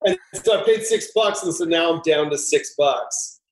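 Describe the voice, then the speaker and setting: A man's voice: fairly high pitch, normal speed. A middle-aged man, a screenwriter guest, telling a story casually and acting out the voices in it. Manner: animated, acts out voices in anecdotes. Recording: roomy echo.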